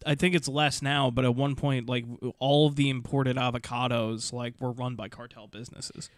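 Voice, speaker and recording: A man's voice: medium pitch, flat delivery, moderate pace, no room sound, clean studio sound. A man chatting casually as a podcast co-host, loose and full of "like" fillers. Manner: loose, lots of "like" fillers, reactive. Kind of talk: casual chat.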